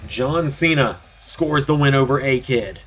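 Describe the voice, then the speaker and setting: A man's voice: medium pitch, a little slow, a bit bright, faint music behind. A man with a sore throat doing announcer-style play-by-play commentary for a video game wrestling show. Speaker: commentator, channel host.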